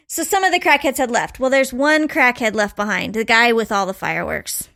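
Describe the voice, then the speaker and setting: A woman co-hosting a podcast, telling a story in a casual, animated way, laughing often and acting out quotes. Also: a little high, a little fast, few pauses. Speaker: podcast co-host.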